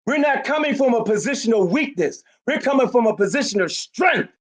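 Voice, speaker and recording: Man, 80s, rally speaker, high voice, impassioned oratory, emphatic, shouting at times. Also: expressive, a little fast. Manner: forceful, emphatic, often shouting. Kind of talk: impassioned public speech.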